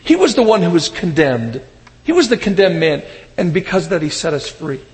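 A man preaching a sermon, telling lively humorous stories and acting out the people in them. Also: on the high side, fairly quick, long reverb tail. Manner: animated storytelling, shouting in character. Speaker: pastor.

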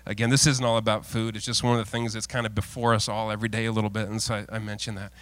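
Bright, dry-voiced male pastor preaching. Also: flat delivery, racing, dry recording. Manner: folksy, self-deprecating storytelling with frequent laughs; earnest, lowered voice when exhorting. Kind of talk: sermon.

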